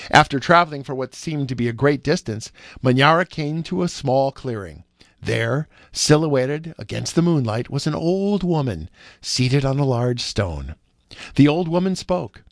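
A man reading a storybook aloud with an expressive, measured delivery. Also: medium pitch, no echo, studio quality.

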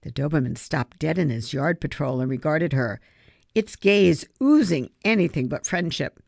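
An audiobook reader giving expressive scripted narration. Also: mid-range voice, normal speed, gravelly, no echo, studio quality. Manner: expressive storytelling.

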